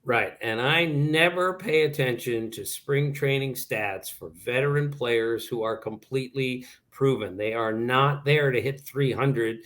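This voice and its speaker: Animated older man telling baseball stories. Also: medium pitch, measured pace, hardly any pauses. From Maryland area. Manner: animated anecdotes, quoting people. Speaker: guest baseball analyst. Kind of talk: casual interview storytelling.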